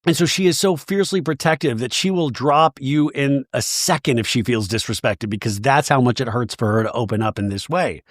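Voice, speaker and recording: A man hosts a podcast recapping reality TV in casual, animated, gossipy chat, often quoting cast members in put-on voices. He's emotional and laughs often. His medium-pitched voice moves a little fast with hardly any pauses, recorded with studio quality and no echo.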